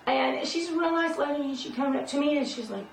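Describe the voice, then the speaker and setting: A woman's voice: high voice, fairly quick, vocal fry, distant mic. A woman telling a personal story in a casual vlog, rambling with many fillers and restarts. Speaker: vlogger. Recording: roomy sound from away from the mic, faint noise.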